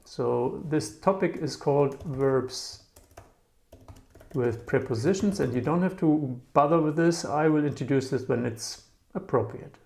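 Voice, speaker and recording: A male language teacher who talks slowly and thinks aloud as he goes. He keeps checking in with his listener and repeats words over and over. Keys clatter softly in the background as he types. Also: fairly high pitch, creaky. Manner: slow, musing, repeats words aloud, frequent "yeah?" checks. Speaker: German teacher. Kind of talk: casual explanatory lesson.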